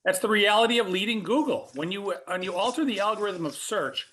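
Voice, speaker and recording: A man's voice: high voice, a little fast, a bit bright. A man co-hosting a casual tech podcast, thinking aloud and joking as he goes. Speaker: co-host.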